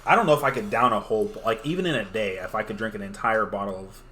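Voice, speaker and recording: A man's voice: fairly low pitch, fast talker, a little hiss or hum. A man in his twenties, a podcast host, chatting casually and telling stories with lots of laughter and swearing. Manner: animated storyteller, laughs often, swears freely. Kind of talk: casual chat.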